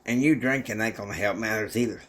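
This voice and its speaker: Defiant young son, quiet and clipped, sullen delivery, a man playing him. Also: on the low side, fast, close to an everyday voice. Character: defiant young man arguing with his father.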